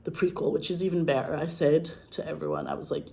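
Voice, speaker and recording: A woman's voice: low-pitched, fast, vocal fry, a little hiss or hum. Scottish actress chatting away, gushy and sweary, bit of a frog in her throat. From Scotland. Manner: excitable, gushing, swears freely, many "like"s. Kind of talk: casual monologue.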